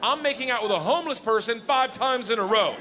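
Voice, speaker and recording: A male stand-up comedian telling a story loudly and animatedly, laughing and breaking into high shouts. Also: quick pace, a little hiss or hum. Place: comedy stage.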